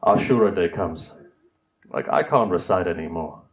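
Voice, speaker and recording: A man's voice: low voice, normal speed. A middle-aged man preaching an emotional sermon, telling a mournful story and pleading with his listeners as his voice rises. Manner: rising, grief-laden storytelling, pleading with the audience. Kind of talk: emotional majlis sermon recitation.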